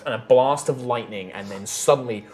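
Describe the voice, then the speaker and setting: A man's voice: mid-range voice, moderate pace, a little mellow. A man narrating a tabletop game as game master, describing scenes with fillers and restarts.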